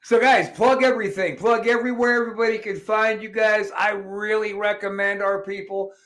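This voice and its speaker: A male podcast host with a slightly high voice tells stories brashly and animatedly, swearing freely through casual chat. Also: a little fast. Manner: brash, profane, animated storyteller.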